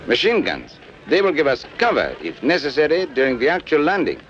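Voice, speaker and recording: An actor playing a dutiful police inspector, formal, precise and polite. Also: male voice, fairly high pitch, big pitch swings, fairly quick, fairly bright tone. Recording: dull lo-fi film soundtrack with engine noise.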